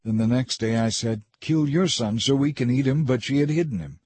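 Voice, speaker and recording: A man's voice: mid-range voice, lively intonation, brisk, darkish tone, breathy edge, dry recording. A man reading the lines of a desperate, starving woman in a scripture story.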